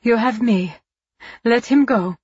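A woman's voice: fairly high pitch, moderate pace, breathy edge, no echo, highs cut off, pitched above the performer's own voice. A woman voicing a defiant young Jewish woman held prisoner, answering steadily and pleading for another's release.

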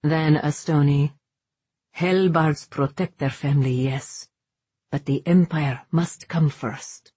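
A woman reading an audiobook voices a stern, stoic male guardian, speaking in a grave, measured and unbending way. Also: deep voice, fairly even intonation, warm tone, breathy edge, no room sound, heavily acted.

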